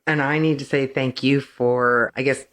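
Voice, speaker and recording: A woman's voice: very deep voice, fairly even intonation, normal speed, fairly bright tone. A woman who is a guest on a photographer's interview show, talking about her shoot in an enthusiastic, affirming and giggly way. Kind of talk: relaxed conversational interview.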